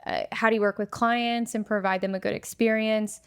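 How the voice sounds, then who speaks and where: A woman's voice: medium pitch, steady tone, brisk, clean tone. A woman co-hosting a podcast who asks her guest a string of curious follow-up questions. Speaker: podcast co-host. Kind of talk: interviewing a guest.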